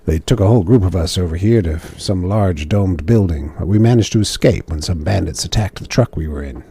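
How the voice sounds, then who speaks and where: A man's voice: deep voice, brisk, warm tone, breathy edge, exaggerated voice. A man voicing a weary, polite survivor in a video game who earnestly explains how he escaped.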